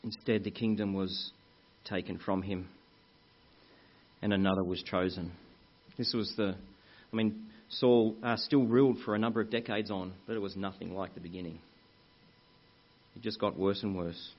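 A man's voice: fairly low pitch, flat delivery, normal speed. A man preaching a sermon in an earnest way, calling the congregation brethren and telling anecdotes. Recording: muffled lo-fi recording.

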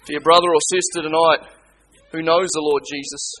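A man preaching a sermon, swinging between hushed pleading and loud, urgent appeals. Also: a little high, little pitch movement, brisk, a little hiss or hum. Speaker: pastor.

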